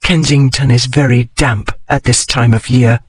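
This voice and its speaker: A man narrating an audiobook, voicing a sharp-tongued young Regency woman journalist with crisp, defiant retorts. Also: medium pitch, steady tone, moderate pace, lightly acted. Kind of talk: audiobook character voice.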